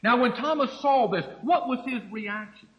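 A man's voice: very high voice, normal speed, highs cut off. A middle-aged man preaching a sermon, teaching through a Bible passage and acting out the quoted speech.

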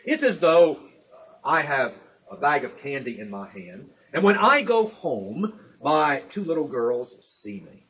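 A man teaching a sermon on scripture in a deliberate, emphatic way, slowing down to stress key words and explaining step by step. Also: on the high side, big pitch swings, fairly bright tone, slightly rough, low-quality recording. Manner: explains step by step with everyday illustrations. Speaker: Bible teacher.

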